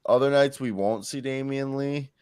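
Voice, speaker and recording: A man's voice: mid-range voice, normal speed, a loud crowd. A young man co-hosting a basketball talk show, chatting casually and rambling through long stories full of fillers. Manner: rambling, filler-heavy, animated storytelling.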